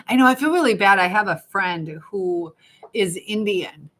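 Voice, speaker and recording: Woman host, chatty and easygoing, mid-pitched, reading comments aloud on a home live stream. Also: lively intonation, measured pace, a bit bright, poor audio. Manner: chatty, reads viewer comments aloud, laughs often. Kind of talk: casual live-stream chat.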